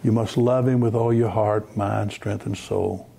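A man preaching a broadcast sermon, earnest, repeating words and slowing down to stress his points. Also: lowish voice, steady tone, vocal fry, mellow, breathy edge. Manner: earnest, repeats words, slow emphatic phrasing.

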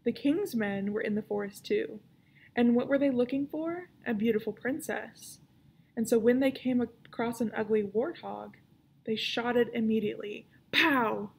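Gravelly-voiced librarian reading aloud. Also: female voice, fairly high pitch, normal speed, a little hiss or hum. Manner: clear, expressive storytelling. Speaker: children's librarian. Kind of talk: reading a children's novel aloud.

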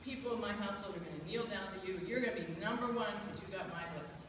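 Brief: old blind father, slow, doubting, put on by a woman clown, echoey far-off hall. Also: medium pitch, background noise, natural voice. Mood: doubtful.

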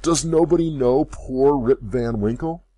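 A man's voice: mid-range voice, measured pace, mellow, no echo, voice pushed up, lightly acted. A man doing a frantic, bewildered old man. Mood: pleading. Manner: frantic, rising voice. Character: bewildered old man back after twenty years.

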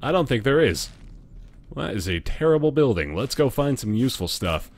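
A man's voice: mid-range voice, big pitch swings, brisk. A young man streaming a game live, chatting to viewers and swearing and yelping whenever danger hits. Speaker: gaming streamer. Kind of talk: live let's play commentary.

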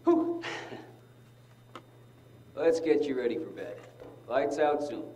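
A guarded, calm male orderly in a sanatorium. He speaks softly with a lively, shifting tone. The voice sits in an echoey space with faint ambience behind it. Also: fairly high pitch, takes it slowly, a little hiss or hum. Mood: relieved.

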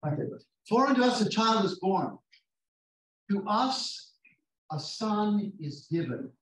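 A man leading an interactive Bible study, reading scripture slowly and putting questions to his class. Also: high voice, big pitch swings, fairly bright tone. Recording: roomy, distant mic, faint noise.

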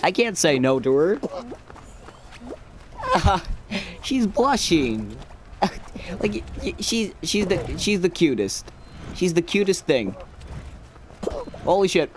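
A man's voice: sits high, sing-song, takes it slowly, pauses often, noisy background. Joking young man rambling through gameplay. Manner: joking, rambling, shouts at the game. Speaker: gaming YouTuber. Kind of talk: casual gameplay commentary.

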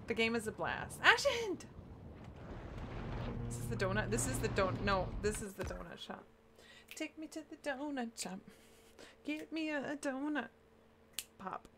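A woman's voice: a little high, a bit bright, slight background noise. A woman streaming a video game, chatting playfully with viewers, greeting them by name and humming along with a giggle. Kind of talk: casual live-stream chat.

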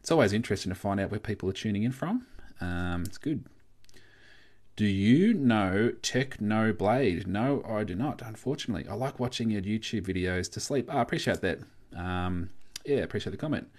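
A young Australian man with a somewhat low voice talks through a live stream in an easygoing, chatty way. He reads out viewer comments and answers them casually. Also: expressive, quick pace, a little mellow. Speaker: coin collecting livestream host.

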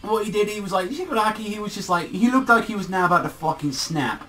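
A man's voice: sits high, lively intonation, fast, bright, forceful tone, soft background music. Rambling, profane man reviewing comics. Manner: rambling, profane, heavy on fillers. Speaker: manga reviewer. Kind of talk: casual review vlog.

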